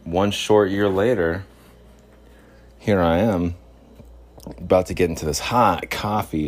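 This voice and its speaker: A man's voice: deep voice, slow, long pauses. A man hosting a casual solo podcast from his home, rambling in a goofy, playful way. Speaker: podcast host. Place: home with cats, in Boston.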